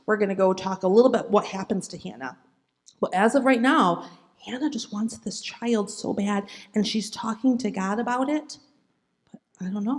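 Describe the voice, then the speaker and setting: A woman giving a children's sermon in a church, speaking gently and asking the kids questions as she tells the story. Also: medium pitch. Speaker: children's message leader.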